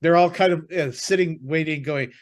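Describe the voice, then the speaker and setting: A man with a somewhat high voice speaks at a normal speed. He's co-hosting a podcast, chatting casually about TV shows and movies, rambling along with plenty of fillers and restarts.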